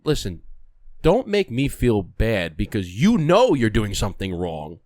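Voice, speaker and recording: A man's voice: lowish voice, huge pitch swings, a little slow, a little mellow, no echo, clean studio sound. A young man co-hosting a podcast, ranting bluntly with swearing in casual chat. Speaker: podcast co-host.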